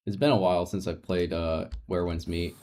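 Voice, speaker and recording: During a casual live stream of a game, a man with a low, slightly mellow voice speaks at normal speed in a steady tone, chatting with viewers in a rambling, emotionally open and reassuring manner. He laughs often and restarts sentences, and a little hiss or hum can be heard.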